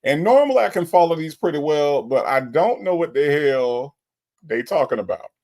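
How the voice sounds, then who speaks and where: A man's voice: on the high side, expressive, moderate pace, a little mellow. A man hosting a show, casually reading viewer comments and reacting with laid-back exasperation. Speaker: host reviewing a recorded call.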